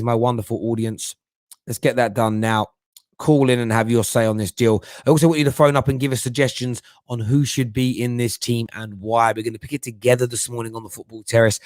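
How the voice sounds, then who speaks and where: A man's voice: medium pitch, steady tone, brisk, no echo, clean studio sound. A middle-aged man hosting a casual live stream, reading out viewer comments and often repeating words as he thinks. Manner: chatty, stumbles and repeats words while thinking. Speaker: host of a football fan live stream.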